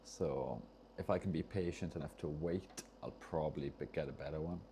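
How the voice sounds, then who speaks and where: A man talks in a relaxed, meandering way at his workbench, often trailing off and restarting his thoughts. His voice sits very low and sounds soft and mellow. A faint hiss runs underneath. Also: normal speed. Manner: rambling, loses his train of thought, self-interrupting. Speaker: streamer repairing controllers. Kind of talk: casual livestream chat while soldering.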